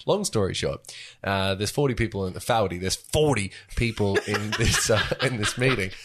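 A man's voice: lowish voice, moderate pace, fairly bright tone, slightly rough. A man, co-hosting a podcast, telling a rambling, laughing story with plenty of swearing. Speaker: podcast co-host. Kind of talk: casual chat, storytelling.

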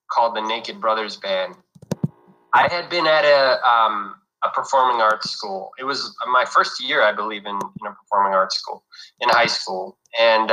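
A young man from New York talks through his career in an easygoing interview manner, his sentences looping back with fillers and restarts. His voice sounds bright and forward, sitting at an ordinary male pitch. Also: rough recording. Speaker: actor guest. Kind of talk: casual interview chat.

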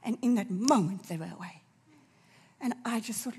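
A woman with a medium-pitched, slightly rough voice preaches at normal speed. Her sermon is fervent and emotional, and at tender moments she drops to a soft near-whisper.

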